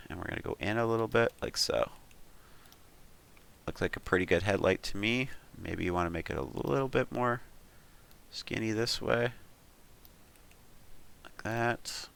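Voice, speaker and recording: A man with a deep voice and a gravelly, fry-edged texture talks a viewer through a modeling tutorial, step by step. His delivery is casual and unhurried, and he thinks aloud with plenty of ums and uhs. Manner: relaxed, thinks aloud with frequent "um" and "uh"; talks the viewer through steps with "we'll" and "you could". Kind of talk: casual screen-recorded tutorial.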